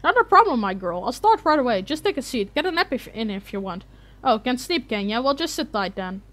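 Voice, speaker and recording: A woman's voice: a little high, big pitch swings, brisk, fairly bright tone. Woman doing a folksy dwarf man. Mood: reassuring. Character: friendly gruff male dwarf craftsman.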